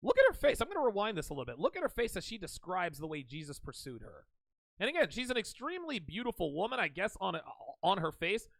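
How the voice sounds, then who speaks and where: A man's voice: high-pitched, huge pitch swings, quick pace, gravelly, a bit bright, no echo. A man hosting a reaction commentary show, talking back at a clip in a mocking tone.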